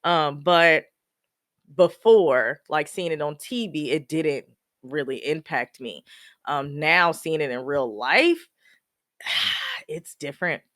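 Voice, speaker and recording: A woman podcaster tells her own story in a loose, rambling way, full of "um" and "you know." She laughs often even when the subject is sad. Her voice sits a little low and the sound is dry, with no room echo. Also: takes it slowly, long pauses. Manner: laughs often while telling sad memories; many fillers like "you know" and "um". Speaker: podcast host. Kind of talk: personal storytelling, casual.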